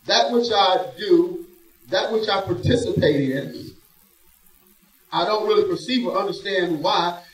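A man with a notably high voice preaches in a church, dropping to a hush and then rising to loud, slowly stretched emphasis. He sounds set back from the mic, and his voice rings off the room. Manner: dramatic preaching, swinging between hushed and loud, slow drawn-out emphasis. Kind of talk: sermon. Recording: echoey room, voice from a distance.

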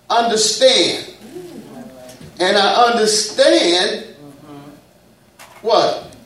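High-voiced man preaching in an echoey church. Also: fairly bright tone. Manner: call-and-response preaching, folksy and humorous. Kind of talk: sermon. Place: church sanctuary. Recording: echoey church room, mic at a distance.

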